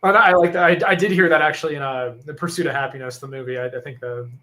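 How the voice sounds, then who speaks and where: A man's voice: on the high side, steady tone, quick pace, sharp tone. Guy on a faith podcast, agreeable, stumbles a bit before he gets going. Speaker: podcast co-host. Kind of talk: casual faith discussion.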